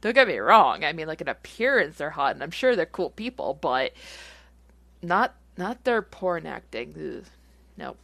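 A woman's voice: low-pitched, very animated, normal speed, vocal fry, fairly bright tone, no room sound. A woman chatting casually as she answers listener questions. She rambles with lots of fillers and giggles. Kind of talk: casual chat.

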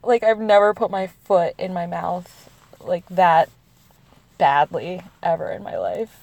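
A woman's voice: fairly low pitch, lively intonation, a little slow, gravelly, darkish tone. A woman in her thirties from the United States, telling personal stories casually with frequent laughter and many "like"s. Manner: chatty, laughs often, heavy use of "like". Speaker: storyteller answering questions. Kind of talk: casual confessional storytelling.

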